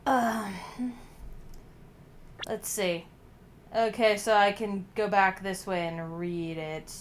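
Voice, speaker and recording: A woman's voice: medium pitch, steady tone, slow pace, a little hiss or hum. A woman streamer chatting casually through a game, laughing often and swearing now and then, with a slight cough as she gets over being sick. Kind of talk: casual let's-play commentary.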